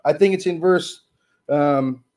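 A man preaching a sermon, reading scripture with rising force and dropping low on asides, with frequent restarts. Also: low-quality recording. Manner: animated, rises loud on scripture and drops low on asides; halting, with restarts and fillers.

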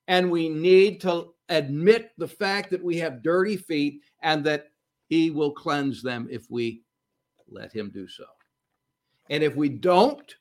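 A man preaching a sermon, telling a Bible story in an earnest, storytelling manner. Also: high voice.

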